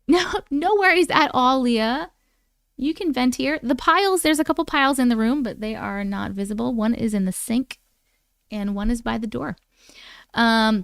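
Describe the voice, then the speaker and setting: A woman's voice: a little high, fairly bright tone, clear, resonant tone, no echo, clean studio sound. A woman hosting a live stream, chatting casually and greeting viewers by name as she catches up on chat. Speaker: livestream host reading chat. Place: at home.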